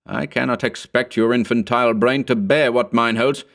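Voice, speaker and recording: A man voicing an ageless male sorcerer who rants scornfully in a high, archaic, cackling voice. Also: moderate pace, gravelly, a bit bright. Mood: raving scornful. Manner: ranting, contemptuous.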